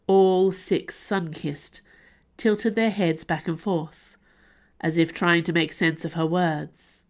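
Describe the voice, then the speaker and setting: A woman with a lowish voice narrating an audiobook. Her delivery is expressive and shifts with the action of the story. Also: slow.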